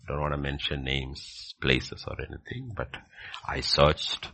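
A man's voice: expressive, unhurried, bright, forceful tone. A man teaching in a question-and-answer session, preaching emphatically and repeating his key phrases. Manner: emphatic, repeats key phrases, builds from low murmur to ringing peaks.

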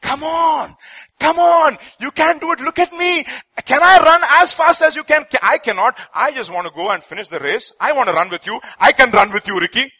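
A man voicing a small encouraging snail that cheers on a friend, loud and high. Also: lively intonation, quick pace, few pauses, slightly rough, full character voice. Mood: cheering.

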